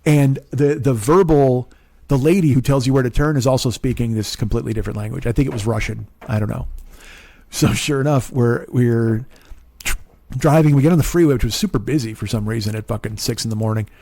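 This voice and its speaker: A man in his forties, a comedian and podcast host, telling a profane, exasperated story monologue that swings into loud rants. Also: mid-range voice, fairly quick, creaky, dry recording. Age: 40s.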